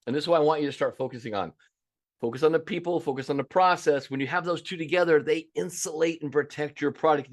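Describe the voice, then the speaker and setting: A man coaching restaurant owners in an energetic, emphatic presentation. He talks casually and bluntly, with the odd swear, and acts out his clients' complaints. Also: a little high.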